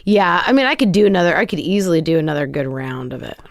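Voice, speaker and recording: A middle-aged woman talking as a podcast guest, candid and wry, deadpan even about hard subjects. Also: sits low, fast, no echo, studio quality. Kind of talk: casual conversation.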